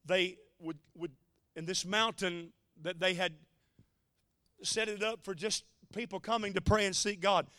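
Guy preaching a sermon, folksy and emotional, kinda high voice, dry close sound. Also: bright, forceful tone, no room sound. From United States. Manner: folksy, emotional storytelling with joking asides.

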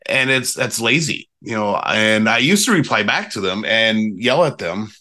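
A man guest on a podcast interview, chatty and animated, using casual fillers as he explains email marketing. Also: lowish voice, normal speed.

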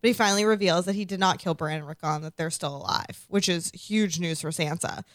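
A woman's voice: fairly low pitch, brisk, dry recording, studio quality. A woman co-hosting a podcast, chatting casually and bluntly, swearing freely. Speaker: podcast co-host. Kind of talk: casual chat.

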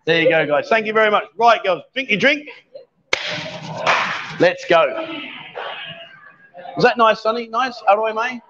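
A man's voice: sits high, a little slow, pauses often, dull audio, heavy background noise. A man hosting a live stream from a bar, chatting and bantering casually with a jokey manner. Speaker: livestream host. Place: busy bar with a pool table.

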